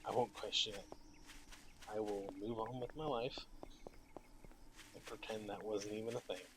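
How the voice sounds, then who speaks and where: This gaming channel host, a weary young man, talks his way through a survival game in a loose, meandering style packed with fillers. His voice runs on the low side at a normal speed, and the background is noisy.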